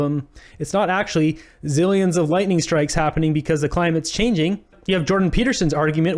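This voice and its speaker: High-voiced man hosting a commentary vlog. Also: a little fast, darkish tone. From Canada. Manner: mocking, chuckling, conversational. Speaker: commentary channel host. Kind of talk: casual political commentary vlog.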